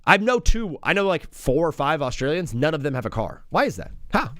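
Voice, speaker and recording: A young man hosts a live sports stream in an easy, rambling way, tossing out jokes and plenty of "dude." His fairly high voice swings up and down with lively energy. The sound is dry and close, with little room around it. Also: brisk, few pauses, dry recording. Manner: rambling, joking, heavy on "dude" and "bro".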